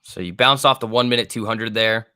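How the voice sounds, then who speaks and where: In a dry, studio-quality recording, a trading stream host talks through the market live, loose and off the cuff, letting a curse slip occasionally. His fairly low voice is brisk, pushed and bright, yet clean.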